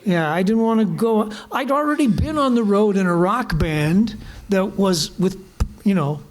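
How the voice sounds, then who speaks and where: Canadian man telling lively stories. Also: high voice, a little slow. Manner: animated anecdotes, acting out quoted voices, laughing. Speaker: guest musician. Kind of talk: storytelling conversation. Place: small live music venue.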